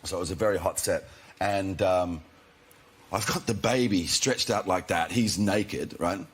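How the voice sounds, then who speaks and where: Low-voiced man telling loose anecdotes. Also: a little slow, husky. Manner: laid-back storyteller, chuckling, full of you-knows. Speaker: talk show guest. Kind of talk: casual chat, anecdotes. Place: TV studio with audience.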